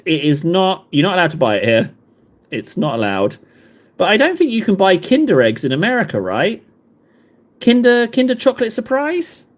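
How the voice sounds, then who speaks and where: A man with a southern English accent hosting a livestream, chatting casually to viewers in a rambling, self-mocking, jokey way. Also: sits high. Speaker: livestream host. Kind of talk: casual chat to live viewers.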